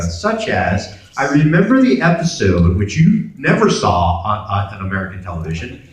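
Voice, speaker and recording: A man from Brooklyn, speaking as a guest at a convention Q&A. He tells stories with a lively, swooping pitch and slips into voices for the people he quotes. He is picked up from far off by a camera in the audience, and the big hall rings around him. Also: normal speed. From Brooklyn, New York. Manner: animated, acts out dialogue in voices. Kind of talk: convention Q&A storytelling.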